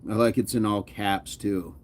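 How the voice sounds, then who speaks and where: A man's voice: on the low side, fairly even intonation, moderate pace, slight background noise. A man hosting a casual fitness live stream, playful and jokey as he chats with viewers on his phone. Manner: playful, jokey, hypes up the chat.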